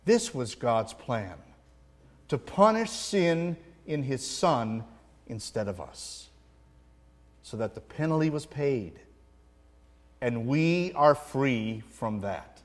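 A man's voice: medium pitch, big pitch swings, slow pace, long pauses, in a large hall. A man preaching a sermon with earnest emphasis, telling a story to make his point. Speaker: pastor.

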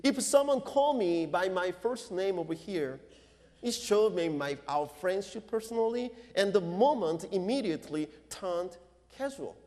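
Slow-preaching pastor, high voice. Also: male voice, animated, a little mellow. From Korea. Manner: slow, deliberate preaching with non-native English phrasing. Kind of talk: sermon. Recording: long reverb of a large hall.

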